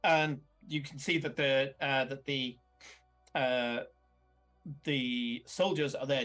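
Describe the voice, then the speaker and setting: A man's voice: medium pitch, steady tone, unhurried, a bit bright, faint music behind. A man running a tabletop game as game master, narrating casually with many fillers and chuckles.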